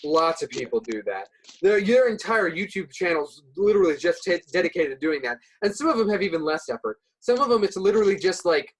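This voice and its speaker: A man's voice: high voice, sing-song, brisk, low-quality recording. A man speaking as a guest on a casual podcast, hesitant, full of "like" and "uh", often restarting his sentences. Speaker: podcast guest, subreddit moderator.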